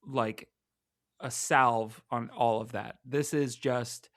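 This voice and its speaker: A man in casual chat who rambles and stops himself often. His pitch sits in the ordinary middle range. The sound is dry and close to the mic. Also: steady tone, a bit bright, no echo. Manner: rambling, halting, heavy use of "like". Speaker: podcast co-host. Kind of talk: casual chat about comics.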